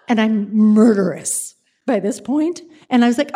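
A woman telling a personal story with animated, dramatic pacing and wry asides. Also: medium pitch, quick pace.

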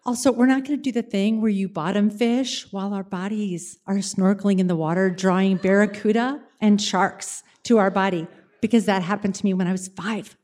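A woman telling a personal story to an audience, animated and dramatic, slowing down for suspense. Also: mid-range voice.

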